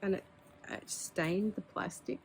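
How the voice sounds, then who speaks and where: A woman's voice: medium pitch, steady tone, a little slow, gravelly, slightly rough. A woman, chatting casually and candidly as she shows her pens, with filler words and small laughs. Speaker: pen hobby vlogger. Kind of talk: casual show-and-tell.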